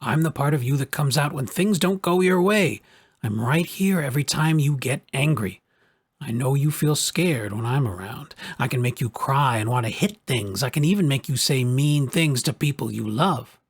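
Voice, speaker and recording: A man voicing a hairy red creature who is a child's anger, speaking in a calm, reassuring, husky voice. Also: medium pitch, moderate pace.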